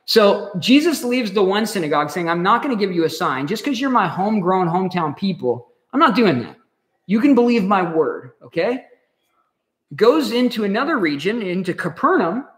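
A man's voice: high voice, fairly bright tone, echoey room. A man leading a home Bible study as pastor, teaching verse by verse in a casual, slangy, conversational way.

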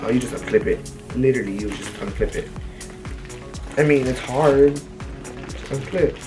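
A young adult vlogger in a casual chat, showing off new purchases at home and telling stories in a rambling, animated way. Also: mid-range voice, moderate pace. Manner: chatty, rambling, animated storyteller. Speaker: vlogger showing a shopping haul. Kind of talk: casual haul vlog chat. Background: faint music.

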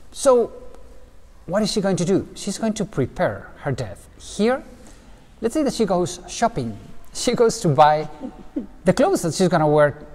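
Lively man guiding through an echoing cloister. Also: fairly high pitch. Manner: lively, explaining with asides. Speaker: tour guide. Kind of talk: casual guided tour. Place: stone cathedral cloister, indoors. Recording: long reverb of a stone cloister.

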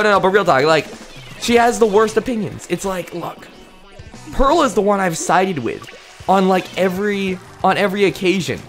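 Excitable young man streaming a game. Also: high-pitched. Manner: excitable, yelps and pops off at kills; chatty, talks to chat between plays. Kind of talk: live gameplay commentary. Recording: faint music behind.

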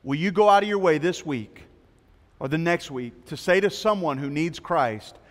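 A man's voice: fairly high pitch, lively intonation, normal speed. A man preaching a sermon as pastor, telling a story with quoted voices before an earnest appeal. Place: church sanctuary. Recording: long hall reverb.

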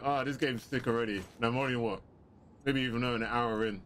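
A man giving chatty, excitable let's-play commentary with joking asides. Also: medium pitch, a little fast, slight background noise. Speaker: gaming commentator.

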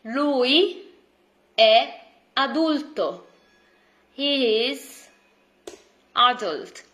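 A woman's voice: high-pitched, expressive, drawn-out words, fairly bright tone. A woman teaching a beginner language lesson, repeating words patiently and stressing each one. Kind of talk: slow, clear online language lesson.

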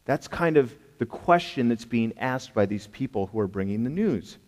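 A man preaches to a congregation in a relaxed, conversational way, leaning on rhetorical questions and firm emphasis. His voice sits at an ordinary middle pitch. It rings out with a long reverb, as if in a large church hall. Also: moderate pace. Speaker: pastor. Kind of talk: sermon. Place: church sanctuary.

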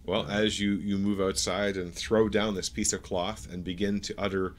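Deep-voiced man narrating as game master. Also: flat delivery. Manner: halting, descriptive narration with many fillers.

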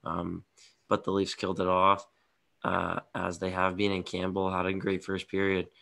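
Casting note: low, flat male voice with a bright edge, tired, blunt podcast co-host. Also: normal speed, creaky. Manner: rambling, blunt opinions. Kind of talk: casual hockey podcast chat.

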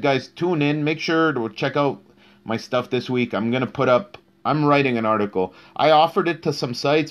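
A man hosting a live-streamed boxing talk show, speaking bluntly and cursing heavily for emphasis. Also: mid-range voice. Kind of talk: live-streamed casual commentary.

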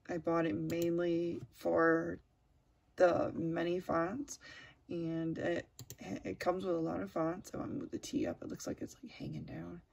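A woman in her thirties casually walking through embroidery software at her home computer, hesitant and self-deprecating, with lots of ums. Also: lowish voice, vocal fry. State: has the hiccups. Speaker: crafter demonstrating software. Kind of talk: casual screen-recorded tutorial.

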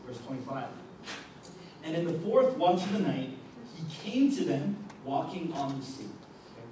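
A young youth pastor reads scripture aloud to a youth group and explains it conversationally, often checking in with "okay?" and "right?". His voice is on the high side with a dark tone. Recorded from a distance in an echoey youth ministry meeting room, the audio has a slight hiss or hum.

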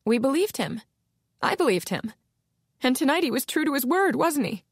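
A woman doing a hoarse, panicked, haunted woman. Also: fairly high pitch, moderate pace, dry recording, clean studio sound, pitched above the performer's own voice. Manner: frantic, pleading, rising into panic. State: hoarse, close to tears. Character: terrified, hoarse adult woman haunted by past trauma. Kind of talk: audiobook character voice.

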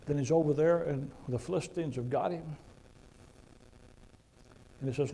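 A man preaching a sermon to a congregation, conversational and emphatic, with sudden loud punches. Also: a little high, normal speed, gravelly, a little hiss or hum, low-quality recording. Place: church before a congregation.

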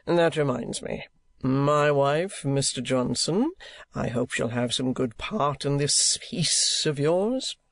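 A man voicing a pompous, blustering male stage actor with a slow, deep, theatrical drawl. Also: lively intonation, gravelly, a bit bright, no echo, heavily acted.

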